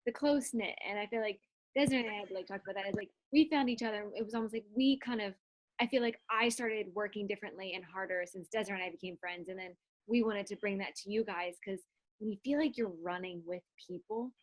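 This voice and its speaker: A woman's voice: mid-range voice, quick pace, poor audio. A woman co-leading a group video call, chatting casually with lots of fillers and sounding appreciative. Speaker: group co-leader.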